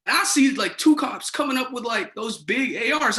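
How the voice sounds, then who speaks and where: A young man, a podcast guest, tells a casual story with animated swings and excited turns of phrase. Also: very high-pitched, moderate pace, few pauses. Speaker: podcast guest, resident assistant.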